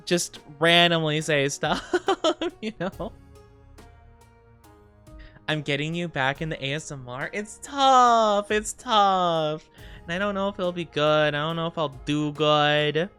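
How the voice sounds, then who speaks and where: A young woman with a smooth, clear voice chats through a live stream in a relaxed, slightly tired way. She is a touch low for a woman, greets viewers as their comments come in and giggles often. Soft game music plays faintly behind her. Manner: chatty, reads viewer comments aloud and greets them, giggly. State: a little tired. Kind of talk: casual live-stream chat.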